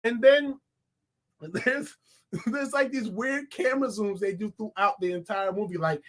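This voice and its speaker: A man giving a casual, animated movie review, laughing often and talking in loose slang. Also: sits high, unhurried. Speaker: film reviewer.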